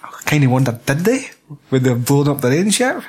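A man's voice: medium pitch, very animated, fairly quick, darkish tone, breathy edge. A Scottish man chatting casually about a film, swearing freely and rambling between thoughts. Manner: sweary, rambling, laughs often.

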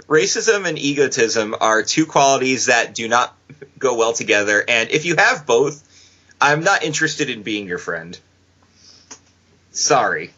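A man co-hosting a casual podcast, joking with a sarcastic edge. His voice is bright and a bit husky, and the audio is dull and lo-fi. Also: mid-range voice, animated, unhurried, long pauses. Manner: sarcastic, joking, laughs often. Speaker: podcast co-host. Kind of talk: casual wrestling podcast chat.

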